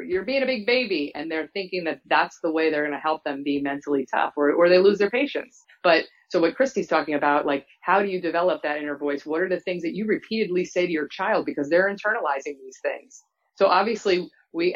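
A woman guest and co-author explaining parenting ideas in a measured way on a podcast. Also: low-pitched, highs cut off. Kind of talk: podcast discussion.

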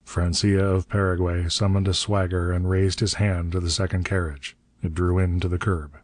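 Deep-voiced male audiobook narrator. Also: flat delivery, moderate pace, darkish tone, no echo, studio quality. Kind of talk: audiobook narration of pulp adventure.

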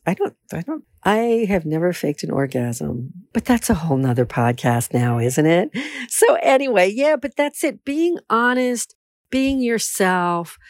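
Brief: woman podcast host, frank and self-assured, lively swooping pitch, dry close recording. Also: no echo. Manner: candid, animated, self-assured. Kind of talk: casual solo podcast.

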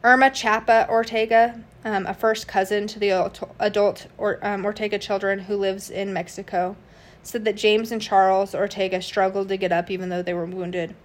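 A woman narrates a true crime case for her podcast at an ordinary middle pitch. She reads loosely from notes, stumbling and restarting with frequent fillers. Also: flat delivery, moderate pace. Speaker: podcast host.

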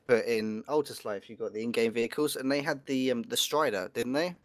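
A man's voice: medium pitch, a little fast, no echo. Male co-host, casual gamer chat, rambly delivery full of fillers, dry close sound. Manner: rambling, frequent fillers and restarts. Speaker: podcast co-host.

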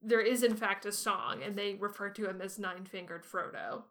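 A woman's voice: mid-range voice, steady tone, normal speed, a bit bright. A young adult woman co-hosting a podcast, musing enthusiastically about a novel with stumbles and restarts. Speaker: podcast co-host. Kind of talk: casual book discussion.

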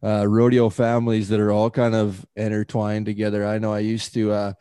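A man's voice: fairly low pitch, completely flat delivery, fairly quick, dark tone, clear, resonant tone, dry recording. A man hosting a podcast, telling rambling stories in casual chat, swearing freely and laughing often. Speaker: podcast host.

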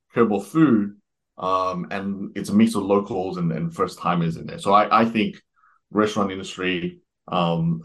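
A man's voice: low voice, a bit bright. A man, a company executive, giving hesitant interview answers with many fillers.

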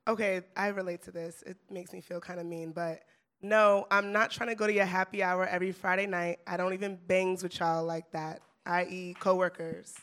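A woman's voice: on the low side, flat delivery, moderate pace, fairly bright tone. Candid woman podcast co-host. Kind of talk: casual podcast chat.

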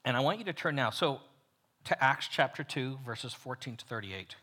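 Teaching a men's Bible study with lots of energy, this man swings from loud emphasis to near-whispers. He has a mid-range voice and speaks at a moderate pace.

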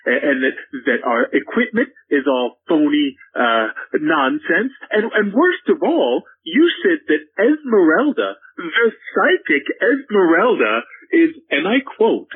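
A man's voice: fairly high pitch, breathy edge, exaggerated voice. A man playing a self-important male TV ghost hunter who speaks hesitantly on a comedy phone call. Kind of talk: comedy prank call sketch. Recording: tinny phone line.

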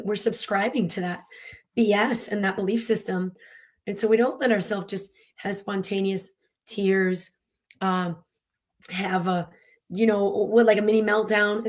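A woman coaching listeners through emotional release in a loose, spoken teaching style. Her voice sits at an ordinary middle pitch. She talks with animated earnestness, drops in frequent fillers and laughs, and breathes and sighs audibly as she demonstrates.

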